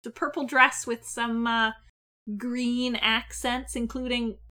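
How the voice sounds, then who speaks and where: A woman's voice: fairly high pitch, level tone, takes it slowly, sharp tone. A woman co-hosting a podcast, chatting casually about a cartoon with dry, sarcastic humor and casual swearing. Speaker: podcast co-host.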